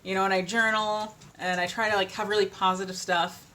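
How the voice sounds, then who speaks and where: A woman's voice: mid-range voice, flat delivery, a little fast, pushed and bright, a little hiss or hum. A young adult woman vlogger in casual chat, rambling with fillers and trailing off, sounding tired.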